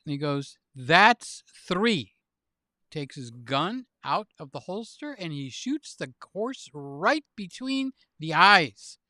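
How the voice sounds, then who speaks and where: Guy hosting a livestream, bright crisp voice, dry sound, cracks up at his own jokes. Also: high-pitched, no echo. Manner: animated joke-telling, laughs at own jokes. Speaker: livestream host. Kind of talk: casual chat with guests.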